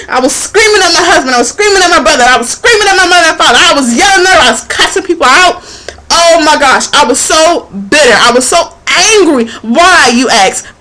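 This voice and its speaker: A woman life coach giving a passionate motivational talk, excitable and laughing as she speaks. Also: high voice, rough recording. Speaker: spiritual life coach and marketing mentor.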